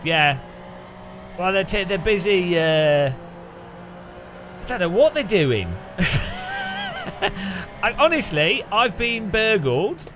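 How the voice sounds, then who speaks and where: A man's voice: high-pitched, very animated, takes it slowly, pauses often. An Englishman streaming a racing game in casual, sarcastic chat with frequent laughs, with music playing behind. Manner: chatty, sarcastic, laughs often. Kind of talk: casual gaming commentary.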